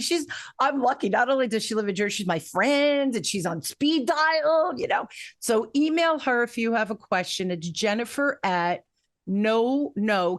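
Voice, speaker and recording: A woman in her fifties hosting an interview, telling stories with lively acted-out quotes in casual chat. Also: on the high side, no room sound, clean studio sound. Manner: animated storyteller, acts out quotes. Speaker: podcast host.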